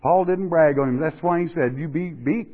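A man's voice: fairly high pitch, moderate pace. A man preaching a sermon in a folksy, joking way, drifting into asides while he reads and explains scripture. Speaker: pastor. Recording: tinny phone-like audio.

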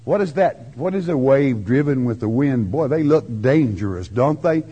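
An older man preaching a folksy verse-by-verse sermon, with homespun turns of phrase and slow, drawn-out emphasis. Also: medium pitch, expressive, warm tone, breathy edge, lo-fi sound. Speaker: preacher teaching scripture.

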